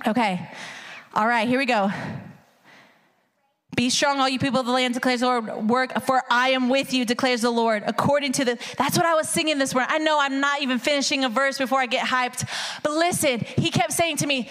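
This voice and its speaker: A woman preaches an energetic sermon in a high, bright voice. She is animated and hyped, calling the congregation y'all. Her voice rings through a long hall reverb. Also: fairly quick.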